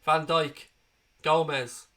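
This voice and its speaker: A man hosting a live football watchalong, calling the play and chatting with viewers, excitable and prone to swearing as he cheers. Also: fairly high pitch, slow pace. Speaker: watchalong host. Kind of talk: live match commentary and chat. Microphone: desk microphone.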